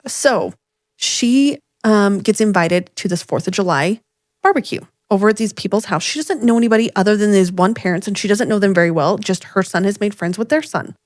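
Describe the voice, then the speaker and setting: A woman co-hosting a chatty podcast from a room at home. She tells a story in lively fashion, and her pitch leaps up whenever she quotes someone. The sound is close and dry, with no room echo. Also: fairly quick. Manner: animated storyteller, voices quoted people with jumps in pitch. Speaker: podcast co-host. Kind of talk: casual storytelling chat. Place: home room with dogs nearby.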